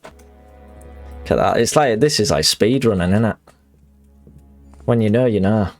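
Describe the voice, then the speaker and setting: A man's voice: lowish voice, a little slow, dry recording, soft background music. A man streaming a video game, chatting casually and reading in-game letters aloud, rambling and self-deprecating with frequent restarts.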